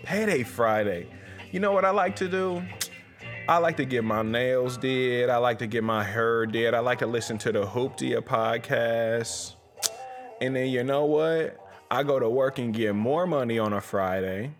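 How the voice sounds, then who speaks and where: A man's voice: mid-range voice, a little slow, soft background music, lightly acted. A man voicing a brassy, boastful working mother who brags about payday and her kids in a sassy, sing-song way. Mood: bragging. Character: brassy boastful working mom, adult woman.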